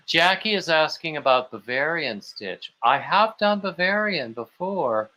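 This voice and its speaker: A man's voice: a little high, sharp tone. A man hosting a casual live stream, chatting in a rambling way and reading out viewer comments. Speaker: livestream host. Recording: dull lo-fi stream audio.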